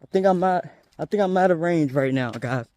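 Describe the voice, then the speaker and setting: Young male vlogger, animated and chatty, high voice, recorded while walking outdoors. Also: a little fast, no echo. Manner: animated, chatty, jumpy and nervous. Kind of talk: casual story-time vlog.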